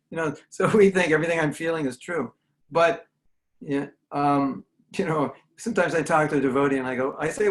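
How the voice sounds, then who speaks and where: A brisk, higher-pitched American man, a spiritual teacher, talks earnestly and conversationally during an online session with questions held over video call. He acts out the voices he quotes, and the recording quality is low.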